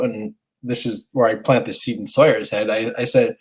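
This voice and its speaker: A parenting podcast's co-host, a stay-at-home dad, recounts a family tale in relaxed conversation, voicing his children's lines with animation. His lowish voice has a breathy edge and runs at normal speed with few pauses, on a rough recording.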